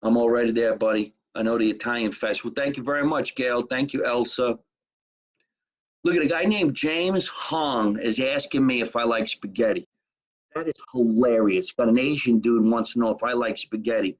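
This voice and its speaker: A man's voice: mid-range voice, moderate pace, low-quality recording. A middle-aged comedian from Jersey City, wisecracking brashly as he hosts a live stream from his apartment kitchen and reads out viewer comments. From Jersey City, New Jersey. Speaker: comedian hosting a live show.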